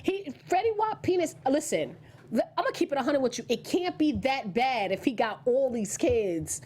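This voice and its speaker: A woman's voice: sits high, lively intonation, moderate pace, a little mellow, husky. A woman co-hosting a casual celebrity gossip chat, blunt and slangy, her voice a little sick today. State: slightly sick voice. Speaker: co-host.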